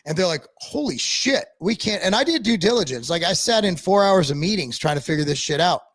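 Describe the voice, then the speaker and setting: A man's voice: a little high, lively intonation, no echo. A man co-hosting a casual live-stream talk show, ranting bluntly with lots of swearing and restarts. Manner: blunt, profane, rapid rambling with restarts. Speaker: podcast co-host. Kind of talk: casual chat.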